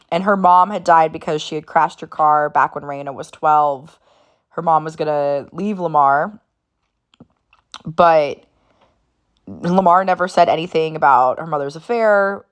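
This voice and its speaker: A young woman casually recapping a TV season, chatty, with lots of "like" fillers and wry asides. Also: low voice. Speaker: TV series reviewer.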